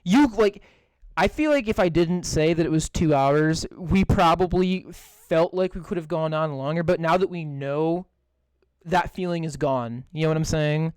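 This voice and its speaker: A man's voice: on the high side, normal speed, darkish tone, clean tone, dry recording, low-quality recording. A young man co-hosting a podcast, ranting in casual chat with lots of swearing and fillers. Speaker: podcast co-host.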